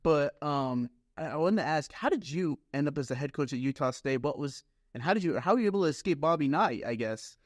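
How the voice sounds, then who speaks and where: A man hosting a podcast, chatting casually and telling stories with lively acted-out quotes. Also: fairly high pitch, a little fast, hardly any pauses, no echo, studio quality. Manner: animated storyteller, acts out quotes. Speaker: podcast host. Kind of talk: casual interview chat, storytelling.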